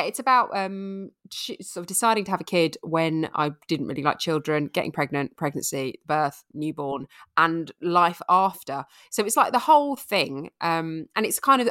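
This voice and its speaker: Lively, self-mocking woman chatting. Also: lowish voice, moderate pace, hardly any pauses. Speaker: podcast guest, author. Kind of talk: casual chat.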